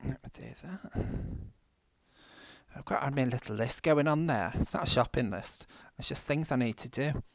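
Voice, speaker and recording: A man's voice: medium pitch, normal speed, gravelly, no room sound, clean studio sound. Chatty Mancunian man rambling while gaming. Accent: Mancunian English. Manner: chatty, self-mocking, laughs often, rambling asides. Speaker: gaming vlogger. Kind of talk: casual rambling chat while playing a game. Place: indoors at home.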